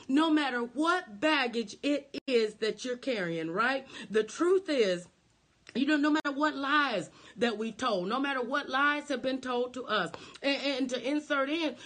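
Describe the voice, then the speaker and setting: Fervent woman preacher, rather high voice. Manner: fervent, repetitive preaching cadence with frequent "right?" tags; drops into soft, low voice when quoting Jesus. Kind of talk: sermon.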